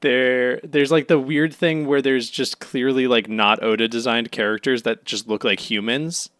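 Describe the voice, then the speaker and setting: Man, podcast co-host, casual chat, excitable, laughs often, bright tone, dry close sound. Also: mid-range voice, normal speed, no echo.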